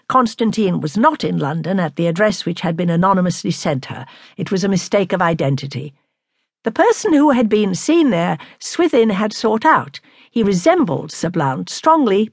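Expressive husky woman narrating. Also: mid-range voice, moderate pace, no echo, studio quality. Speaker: audiobook narrator. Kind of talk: scripted narration of a classic novel.

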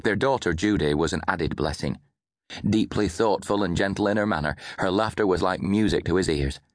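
A man narrating an audiobook in a measured storytelling manner, close to a studio mic. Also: low-pitched, dry recording. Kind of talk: scripted narration.

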